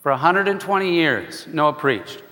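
Guy pastor preaching, animated storyteller, higher voice, echoey hall. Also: moderate pace. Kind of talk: sermon.

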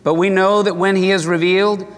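A man's voice: high-pitched, steady tone, fairly quick, clean tone, big-room sound. Older pastor man, conversational sermon. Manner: conversational, earnest storyteller. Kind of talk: sermon with storytelling.

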